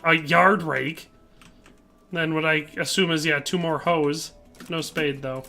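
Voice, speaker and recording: A man's voice: a little high, fairly even intonation, slow pace, pushed and bright. A man streaming a game, talking casually and ranting in exasperation while reading chat aloud. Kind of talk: casual gameplay commentary.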